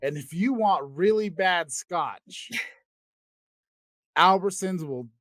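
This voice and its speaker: A man chats loosely on a podcast, his voice sitting a touch high. He rambles, restarts his sentences and lets them trail off, with a casual curse here and there. The sound is close and dry, with no room around it. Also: animated, takes it slowly, fairly bright tone, dry recording. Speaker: podcast co-host.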